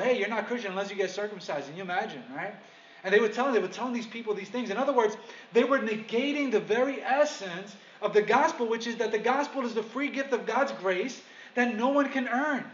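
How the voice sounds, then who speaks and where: A man's voice: sits high, a bit bright, echoey room, muffled recording, slight background noise. A man preaching a conversational sermon, calling the congregation "guys" and putting questions to them. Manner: addresses listeners as "guys", asks them questions. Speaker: pastor.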